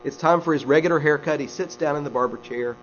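A man preaching in a church. His voice sits a bit higher than most men's, and he has a folksy, conversational storytelling way. The recording is slightly dull, with a faint mains hum underneath. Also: fast talker. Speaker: pastor. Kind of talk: sermon with humorous stories.

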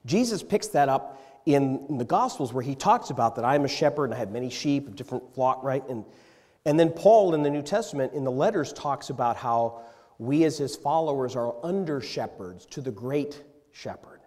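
A man's voice: mid-range voice, expressive, moderate pace. Man preaching in an echoing hall. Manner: dynamic, swinging from loud emphasis to hushed tenderness. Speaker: pastor. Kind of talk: sermon. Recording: long reverb in a hall.

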